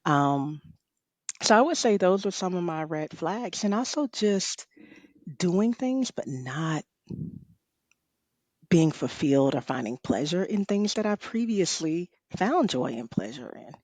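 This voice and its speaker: A middle-aged woman and author, a guest telling a personal story in a conversation, expressive, laughing often and saying "you know" a lot. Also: fairly low pitch, unhurried, no room sound. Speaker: author and rest coach, guest.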